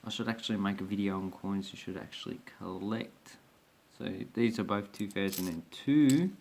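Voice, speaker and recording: A man's voice: on the low side, moderate pace, darkish tone, a little hiss or hum. A man talking casually through his collection on his own channel, rambling and hesitant with many restarts. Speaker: coin collector vlogger. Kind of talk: casual show-and-tell commentary.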